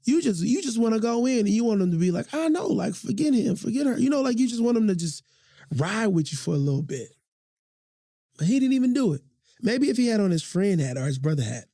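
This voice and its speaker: A man's voice: sits high, very animated, quick pace, mellow, no echo. A man hosting a podcast in a recording studio, talking in a casual, passionate, slangy way and often repeating himself. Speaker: podcast host. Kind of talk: casual, heartfelt podcast talk.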